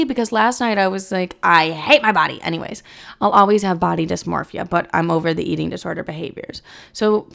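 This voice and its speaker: A woman's voice: on the low side, creaky. A young woman in her twenties hosting a solo podcast, chatting casually, full of filler words and swearing freely. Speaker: podcast host.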